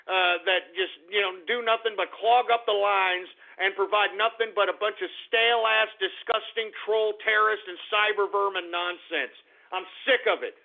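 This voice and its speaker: A man hosting a call-in radio show, ranting in exasperation and swearing, sometimes breaking into shouting. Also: high-pitched, gravelly. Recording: tinny phone-like lo-fi broadcast.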